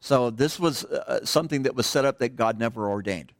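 A middle-aged man giving a conversational sermon as pastor in a church, wandering off on tangents and letting his voice sink to a hush at the ends of phrases. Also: mid-range voice, fairly quick, dry recording.

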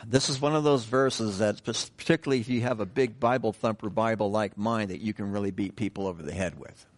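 A man's voice: fairly low pitch, fairly quick. A man preaching a sermon in a conversational way, with joking asides and stressed key words.

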